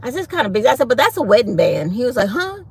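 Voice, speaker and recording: A woman vlogger telling a personal story in a casual, animated way, laughing often and quoting others. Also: a little high, very fast, vocal fry, husky.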